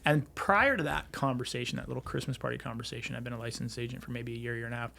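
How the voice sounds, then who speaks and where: A man's voice: medium pitch, racing, gravelly, sharp tone. A man in his forties on a podcast, telling his story in a rambling casual way with many fillers and restarts. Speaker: podcast guest, real estate entrepreneur.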